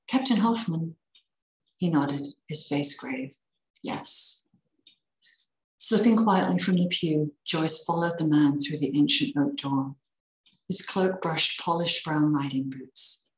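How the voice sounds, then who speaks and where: A woman reading a Christmas story aloud in a measured, expressive way. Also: deep voice, reverberant, rough recording.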